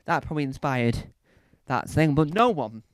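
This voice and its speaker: A man doing stand-up, telling a rambling comic story with animated, swooping intonation. His voice sits fairly high and comes through smooth and resonant. The sound is close and dry. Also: normal speed, no room sound. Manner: animated, rambling, acts out bits. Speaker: stand-up comedian. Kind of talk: comedic storytelling monologue.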